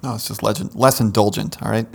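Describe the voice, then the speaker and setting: Guy cohosting a podcast, low-ish voice, crude jokes, dry teasing. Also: steady tone, fast, creaky, slightly rough. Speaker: podcast co-host. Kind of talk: casual banter, reading poems aloud.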